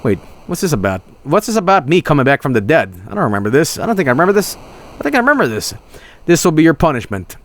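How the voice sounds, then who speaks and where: A man's voice: a little high, huge pitch swings, fast. A man, streaming a text adventure game, reading it aloud with loose, joking, swearing commentary.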